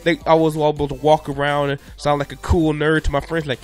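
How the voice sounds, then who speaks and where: Young man, casual commentary, playful, higher voice, faint music underneath. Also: little pitch movement, a little fast, few pauses. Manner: conversational, playful, jokey asides. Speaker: video essay narrator.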